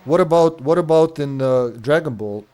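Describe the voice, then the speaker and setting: A man's voice: a little high, normal speed, dark tone, soft background music. Profane male streamer. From Serbia. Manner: profane, rambling, laughs often. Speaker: game streamer. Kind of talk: casual gameplay commentary.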